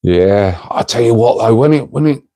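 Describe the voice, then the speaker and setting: A middle-aged man hosts a casual livestream, rambling chattily as he reads viewers' comments aloud and calls them mate. His mid-range voice is warm and expressive, at a moderate pace, with no echo.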